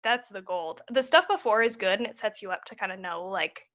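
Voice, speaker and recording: A woman's voice: mid-range voice, brisk, a bit bright. A woman co-hosting a podcast, chatting casually about a film with a lot of "like.". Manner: casual, filler-heavy talk with lots of "like". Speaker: podcast co-host. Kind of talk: casual chat reviewing a film.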